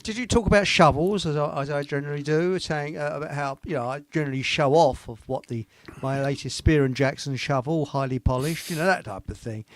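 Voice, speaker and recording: A man hosting a casual radio chat from a home computer microphone, making deadpan, self-deprecating jokes. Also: fairly high pitch, fairly quick, hardly any pauses, no room sound. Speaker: host.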